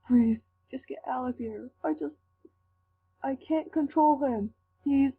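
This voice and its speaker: A woman doing a stammering, frightened young man. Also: high-pitched. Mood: desperate. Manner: halting, stammering pleas. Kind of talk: fanfic reading. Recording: tinny lo-fi with faint hum.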